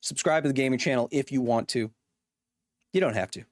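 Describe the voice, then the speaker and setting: A man's voice: mid-range voice, brisk, dry recording, studio quality. A man in his thirties live-streaming a game, chatting to his audience in a goofy, self-deprecating way. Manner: goofy, self-deprecating, riffs silly bits. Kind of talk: live gaming stream chat.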